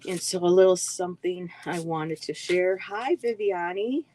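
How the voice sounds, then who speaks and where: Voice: medium pitch, normal speed, darkish tone, a little hiss or hum, rough recording. A card reader hosting a casual livestream, greeting viewers in the chat by name and now and then tripping over words.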